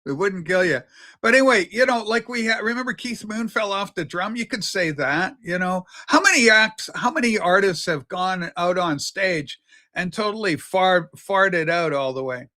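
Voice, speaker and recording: Bright-voiced older trans woman host. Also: mid-range voice, lively intonation, moderate pace. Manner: rambling, chatty, many fillers and restarts. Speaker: livestream show host. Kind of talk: casual rambling livestream chat.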